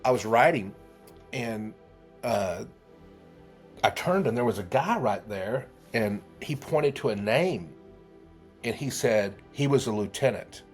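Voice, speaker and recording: Earnest man telling a story, halting. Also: mid-range voice, expressive, faint music behind. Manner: earnest, halting, many restarts. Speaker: guest, memory trainer. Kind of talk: storytelling in a podcast interview.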